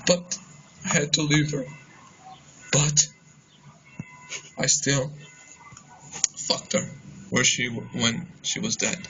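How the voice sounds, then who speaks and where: A young man playing John, a crude and boastful guy who turns frantic and shouty, in an amateur film. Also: medium pitch, fairly even intonation, takes it slowly, long pauses. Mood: defensive. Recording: dull, noisy amateur audio.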